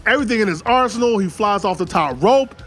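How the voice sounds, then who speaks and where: A man excitedly retelling an imagined wrestling match play by play, calling out the moves and the pin counts. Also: sits high, fast talker, soft background music. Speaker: YouTube wrestling commentator.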